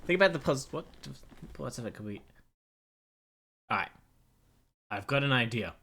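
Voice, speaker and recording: A man streaming a game live, sarcastic and playful, who swears casually and keeps cracking jokes. His voice sits at an ordinary middle pitch and often breaks into laughter. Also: expressive, moderate pace, bright, forceful tone.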